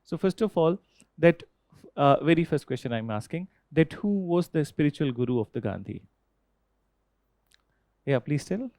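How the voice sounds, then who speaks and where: A man's voice: on the high side, expressive, moderate pace, pauses often, a little mellow, no room sound. A man with an Indian accent teaching a history class, asking students questions and repeating key points with frequent "okay?" checks.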